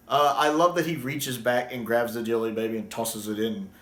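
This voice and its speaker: A man in casual fan commentary, enthusiastic and animated whenever he repeats a favorite line. His voice sits mid-range. The room around him is echoey. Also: mid-range voice, moderate pace. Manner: enthusiastic, animated when quoting lines. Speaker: YouTube commentator. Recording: roomy echo.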